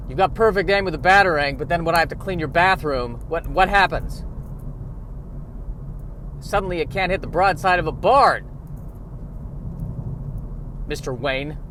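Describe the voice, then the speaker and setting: A man's voice: moderate pace, long pauses, slight background noise, lightly acted. A man voicing a fed-up butler who drops his usual accent and complains sarcastically at his boss. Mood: sarcastic. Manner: sarcastic, fed-up, loud and high-pitched. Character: exasperated butler talking American, middle-aged man.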